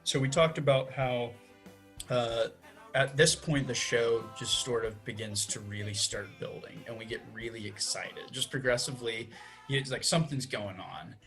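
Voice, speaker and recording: A man's voice: medium pitch, moderate pace, fairly bright tone. A young man co-hosting a podcast, explaining music theory step by step and counting beats aloud. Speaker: podcast co-host.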